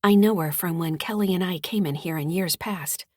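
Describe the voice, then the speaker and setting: A woman author narrating her own audiobook in the first person, with a steady storytelling delivery. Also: lowish voice, moderate pace, no room sound, studio quality.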